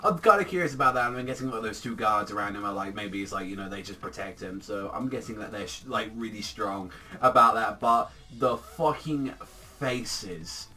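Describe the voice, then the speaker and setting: A man giving a casual, rambling episode review, excitable and swearing constantly. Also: fairly low pitch, normal speed. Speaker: anime reviewer.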